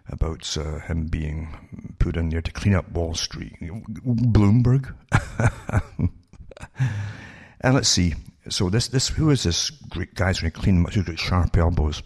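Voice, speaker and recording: A man's voice: low voice, unhurried, a little mellow, husky. An older man commenting sardonically on news articles, throwing rhetorical questions at his listeners. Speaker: political commentator.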